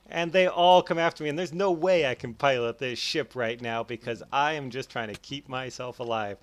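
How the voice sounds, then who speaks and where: A man explaining psychology in a casual, animated way over gameplay, acting out his own thoughts in quick bursts. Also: mid-range voice, slight background noise. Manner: animated, acts out his own inner voices. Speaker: educational YouTuber.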